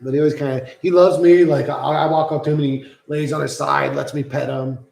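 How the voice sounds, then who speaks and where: A man streaming live, chatting loosely with lots of swearing and cooing softly to his pet. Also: fairly high pitch, fairly even intonation, brisk, vocal fry, reverberant, rough recording. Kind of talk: casual live-stream chat.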